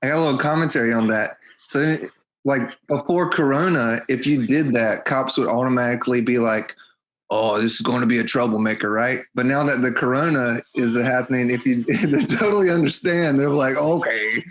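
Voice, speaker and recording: Male guest, mid-pitched, playful and teasing on a video call. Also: brisk, a little hiss or hum. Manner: joking, teasing. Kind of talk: casual video-call chat.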